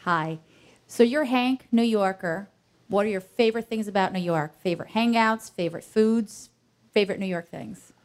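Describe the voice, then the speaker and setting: A woman's voice: medium pitch, moderate pace. A woman in the audience asking a guest an eager question at a panel.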